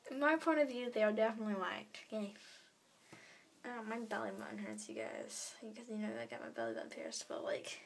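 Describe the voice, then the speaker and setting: A teenage girl vlogging at home into her camera's built-in mic, chatty and full of fillers, drawing her phrases out slowly. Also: medium pitch, big pitch swings, creaky, a little hiss or hum. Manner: chatty, filler-heavy, drawn-out slow phrasing. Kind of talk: casual vlog, teaching basic Spanish phrases. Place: home, indoors.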